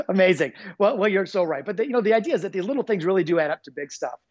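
A man's voice: high-pitched, lively intonation, fast, dry recording, dull audio. A man being interviewed as an author, talking in an upbeat, enthusiastic way. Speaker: guest author. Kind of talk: energetic interview talk.

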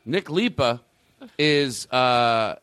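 Excitable rambling male podcast host. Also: medium pitch, very slow, very noisy. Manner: rambling, excitable, stops to comment. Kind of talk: casual comedy chat.

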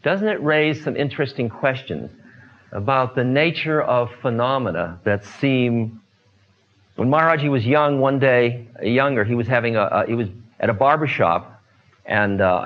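A man telling spiritual stories to listeners in an unhurried talk, pausing often with fillers. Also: mid-range voice. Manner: unhurried, many pauses and fillers. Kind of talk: storytelling talk. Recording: dull lo-fi recording.

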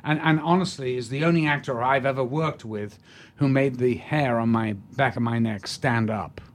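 An older man, an actor being interviewed, telling stories in a rambling, halting way with many restarts. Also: mid-range voice. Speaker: actor, guest. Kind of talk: anecdotal storytelling in an interview.

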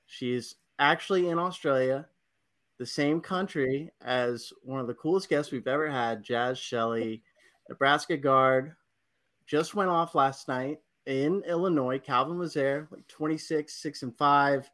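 A man's voice: medium pitch, fairly bright tone. A man with a Texan accent hosting a podcast, enthusiastic and casual, with plenty of fillers. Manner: enthusiastic, filler-heavy, quick. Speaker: podcast host. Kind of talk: casual chat.

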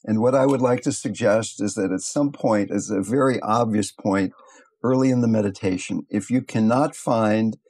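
An older man teaching meditation, telling stories in a calm, unhurried, reflective way. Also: on the low side, husky. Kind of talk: teaching talk with storytelling.

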